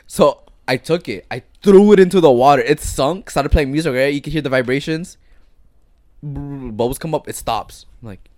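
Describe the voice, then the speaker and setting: A man's voice: medium pitch, expressive, brisk, a little mellow, dry recording, clean studio sound. A young man co-hosting a casual podcast, telling rambling stories with lots of swearing and acted-out quotes. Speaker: podcast co-host. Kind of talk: casual chat among friends.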